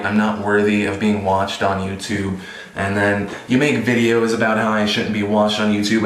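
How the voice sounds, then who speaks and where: Sarcastic young man in an echoey room. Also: fairly low pitch. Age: 20s. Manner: mock-apologetic, sarcastic. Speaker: vlogger. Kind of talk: sarcastic casual vlog.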